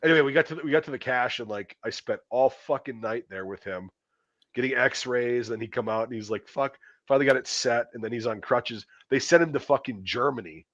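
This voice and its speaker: A man's voice: medium pitch, brisk, fairly bright tone, no echo. A middle-aged man swaps blunt, profanity-laced army stories in a casual chat. The recording is dry and a bit dull and lo-fi. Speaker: podcast host.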